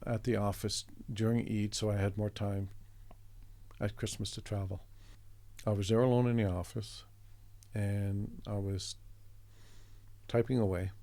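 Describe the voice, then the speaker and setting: Man, from Canada, middle-aged, low voice, conversational storytelling. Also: dark tone, no room sound. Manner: reflective, meandering anecdotes with restarts. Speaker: interview guest, artist.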